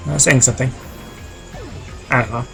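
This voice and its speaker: A man's voice: mid-range voice, fairly even intonation, brisk, vocal fry, a bit bright, faint music behind. A man chatting casually on a live game stream, reading chat aloud and rambling with lots of fillers.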